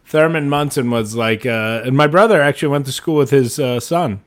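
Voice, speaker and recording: A man's voice: mid-range voice, moderate pace. A man from Ohio chiming in with quips and a personal story in casual chat.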